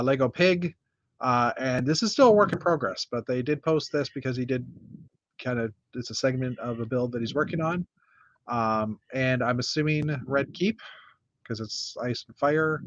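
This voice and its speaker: A middle-aged man from North America hosting a casual chat, rambling through a list with many pauses and restarts. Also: mid-range voice, fairly bright tone, no echo, highs cut off. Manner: rambling, lots of uh and restarts, shows builds one by one. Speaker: podcast host.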